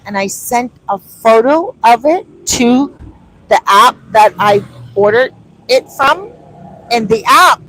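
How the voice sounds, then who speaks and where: A woman's voice: fairly high pitch, unhurried, slight background noise, low-quality recording. A woman vlogging in casual chat outdoors on a street, recorded on a phone, telling stories animatedly and acting out the back-and-forth. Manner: animated storytelling, acting out quoted exchanges.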